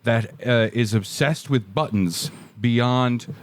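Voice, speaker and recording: A man co-hosting a podcast in casual chat, tossing out quick jokes and wisecracks. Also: medium pitch.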